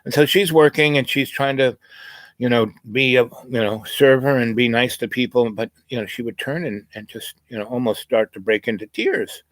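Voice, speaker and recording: A man's voice: medium pitch, moderate pace, no room sound. A man telling a meandering personal story in a casual vlog, full of "you know" asides. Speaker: spiritual vlogger.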